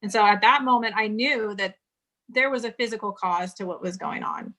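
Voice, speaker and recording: Bright-voiced woman telling her story. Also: medium pitch, normal speed. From California. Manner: candid storytelling, quotes others in dialogue. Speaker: guest. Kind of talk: casual interview conversation.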